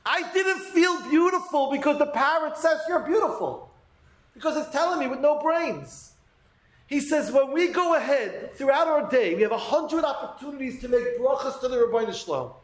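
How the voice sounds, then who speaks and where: A man's voice: extremely high pitch, animated, moderate pace, roomy sound, rough recording. A man giving a Torah lesson, earnestly telling a story and weaving Hebrew terms into his talk. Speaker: Torah teacher.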